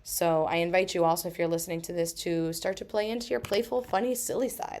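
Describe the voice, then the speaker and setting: A woman in her thirties hosting a solo podcast, talking emphatically with frequent swearing and quick asides. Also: on the low side, fairly even intonation, a little mellow. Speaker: podcast host.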